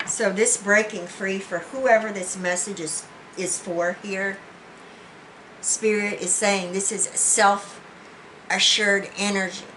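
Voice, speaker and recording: A woman's voice: medium pitch, steady tone, slow, a bit bright, a little hiss or hum, rough recording. A woman giving a spiritual tarot reading, speaking in an earnest, heartfelt way with many restarts. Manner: earnest, heartfelt, often says "you know". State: emotional, near tears. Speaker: tarot reader.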